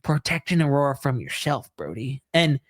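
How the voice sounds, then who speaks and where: A man's voice: mid-range voice, very animated, moderate pace. Crude joking man recapping TV. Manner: crude, joking impressions of people. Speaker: podcast co-host. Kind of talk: casual TV recap chat.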